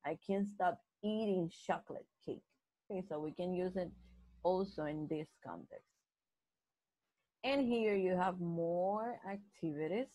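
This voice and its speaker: Woman teaching a slow English grammar lesson. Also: fairly low pitch, darkish tone, no echo, poor audio. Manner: slow, repetitive explaining with frequent restarts. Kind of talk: live online grammar lesson.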